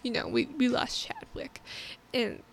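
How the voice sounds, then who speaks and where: High-voiced woman giving a heartfelt film review. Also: huge pitch swings, unhurried, vocal fry, slight background noise. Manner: heartfelt, rambling with frequent restarts. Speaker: movie reviewer. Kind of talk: casual film review vlog.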